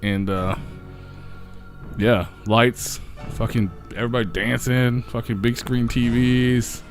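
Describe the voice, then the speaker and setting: A man in the middle of the pitch range tells a night-out story to his co-hosts with a loose, easygoing delivery. He swears freely and laughs as he goes. Faint music plays quietly underneath. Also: flat delivery, takes it slowly. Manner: laid-back, swears a lot, laughs often. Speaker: podcast host. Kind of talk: casual storytelling chat.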